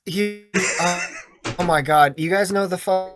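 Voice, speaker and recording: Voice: medium pitch, a little slow. A game master narrating a tabletop horror game in a casual, blunt, jokey manner, swearing freely.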